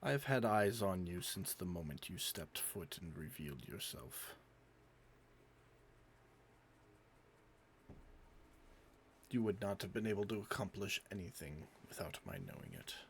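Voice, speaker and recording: A man voicing a haughty male ruler of a city, speaking in formal, measured threats. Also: low-pitched, very animated, creaky, a little hiss or hum, heavily acted. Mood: menacing.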